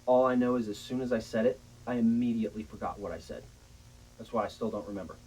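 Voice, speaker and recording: A young man casually telling a long, profane story in a rambling, animated way. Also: medium pitch, fast talker, breathy edge, low-quality recording. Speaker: storyteller guest.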